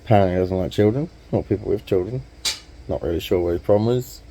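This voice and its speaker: A man's voice: low-pitched, fast, dark tone, rough recording. A man with an Australian accent telling a story in a laid-back, chatty, slangy way. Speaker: vlogger. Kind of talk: casual storytelling.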